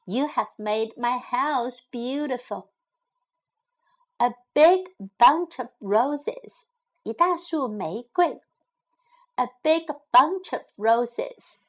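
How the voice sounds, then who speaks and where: A woman teaching English phrases to children, repeating each one slowly and explaining it in Chinese. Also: on the high side, expressive, a bit bright. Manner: slow, repeats phrases for learners. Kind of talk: bilingual English lesson.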